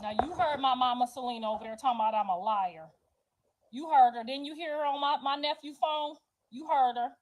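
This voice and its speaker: High-voiced woman in a profane rant. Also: fairly quick, a little hiss or hum, rough recording. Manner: profane, confrontational, emphatic. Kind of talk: heated personal rant to viewers.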